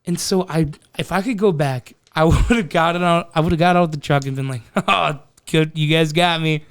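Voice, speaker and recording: A young man telling a story on a podcast, swearing a lot and talking in an animated way. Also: a little high, moderate pace, no room sound, studio quality. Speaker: podcast co-host. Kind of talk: casual chat.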